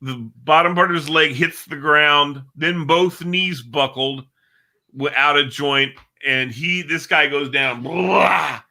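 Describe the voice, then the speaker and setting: A middle-aged man co-hosting a casual talk show, telling stories with lively acted-out grunts. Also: on the high side, a little slow. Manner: animated storyteller, acts out grunts. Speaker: co-host. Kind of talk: casual chat.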